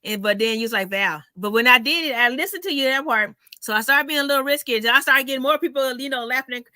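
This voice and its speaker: A woman comedian telling stories in a casual chat, animated and salty, acting out the people in them. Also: high voice, fast talker, dry recording. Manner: animated storyteller, acts out voices, swears freely.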